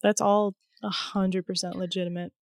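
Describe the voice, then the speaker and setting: A woman from the American Midwest co-hosting a podcast, chatting casually with wry quips and quick reactions. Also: medium pitch, little pitch movement, dry recording. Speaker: podcast co-host. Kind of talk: casual chat.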